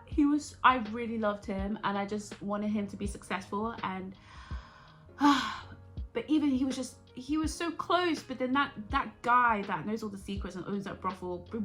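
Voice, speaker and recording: Bright, excitable woman vlogger. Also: medium pitch, normal speed, soft background music. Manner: excitable, rambling, jumps between thoughts. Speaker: vlogger reviewing a TV series. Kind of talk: casual reaction chat.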